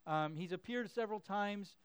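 The pastor, a man in his thirties, speaks at a moderate pace in a high-pitched, clean voice. His sermon rambles conversationally with plenty of fillers and restarts, and in his stories he acts out the quoted lines of his kids and himself.

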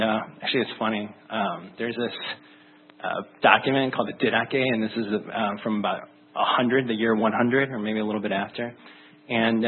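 A man's voice: mid-range voice, husky. A man who is a pastor, preaching a conversational sermon in a casual, chatty way with many fillers. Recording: phone-like narrow band.

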